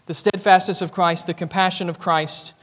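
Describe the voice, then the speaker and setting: A Southern man preaching a sermon in a high, ringing voice. He teaches earnestly and builds to more intensity as he goes. His voice carries with a long reverb through a church sanctuary. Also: fairly even intonation, moderate pace, fairly bright tone. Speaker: pastor.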